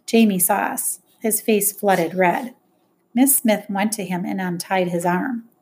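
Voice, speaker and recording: A woman reading a first-person novel aloud in plain, measured storytelling. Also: mid-range voice, darkish tone, breathy edge. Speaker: audiobook narrator. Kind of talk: first-person audiobook narration.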